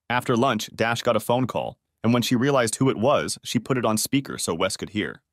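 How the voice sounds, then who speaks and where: A man narrating a revenge audiobook in an expressive storytelling voice. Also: mid-range voice, a little fast, hardly any pauses, no echo, clean studio sound.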